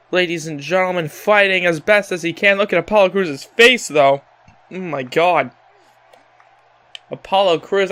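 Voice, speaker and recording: A man with a notably high voice hosts a gaming channel. He calls wrestling video game matches in an excitable play-by-play style and keeps addressing "ladies and gentlemen.".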